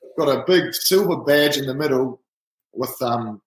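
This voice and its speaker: A man's voice: medium pitch, normal speed, reverberant, low-quality recording. A man, a rugby player telling an anecdote casually and animatedly, often breaking into laughter. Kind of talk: casual storytelling.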